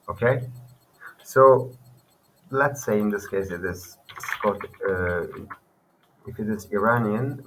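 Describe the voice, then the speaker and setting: Man, programming tutorial, slow halting delivery, faint hum behind. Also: low voice, gravelly, a bit bright, poor audio. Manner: halting, thinking aloud with fillers and restarts. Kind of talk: screen-recorded coding tutorial.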